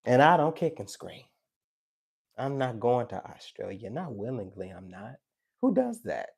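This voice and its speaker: A man's voice: medium pitch, normal speed, slightly rough. A man giving a tarot live stream, talking casually and animatedly to his chat, preachy and joking. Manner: animated, preachy and joking, with teasing asides to viewers.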